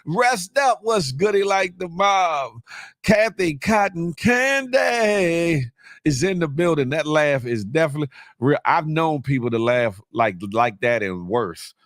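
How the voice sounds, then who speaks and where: A man from Washington, D.C. hosting a casual morning livestream, animated and chuckling as he greets viewers by name. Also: fairly high pitch, a little slow, no room sound, studio quality. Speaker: host of a morning live show.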